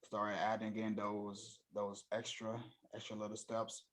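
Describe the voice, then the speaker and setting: A man's voice: fairly low pitch, completely flat delivery, measured pace. A male nutrition coach on a video call, upbeat and encouraging, checking in on his client's plan. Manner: upbeat, encouraging, wraps up with "okay, cool".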